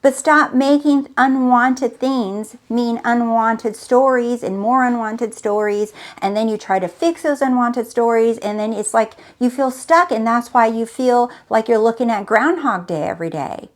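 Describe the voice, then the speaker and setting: A woman's voice: fairly high pitch, measured pace, hardly any pauses. A woman hosting a spiritual motivational talk, speaking emphatically and repeating herself as she coaxes the listener directly. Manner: emphatic, repetitive and coaxing, addressing the listener directly. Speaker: host.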